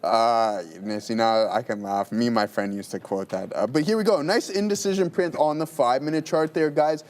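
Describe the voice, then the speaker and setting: A man's voice: medium pitch, steady tone, normal speed. A man co-hosting a live trading stream, commenting on charts as they move and often checking in with viewers with tag questions and fillers. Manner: talks to viewers directly, with many fillers and tag questions like "right?". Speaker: day trader co-hosting a live market stream.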